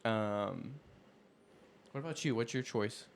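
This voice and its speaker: A man's voice: fairly low pitch, slow pace, gravelly, a little hiss or hum. Man tossing in dry, teasing remarks. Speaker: podcast co-host. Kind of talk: casual chat.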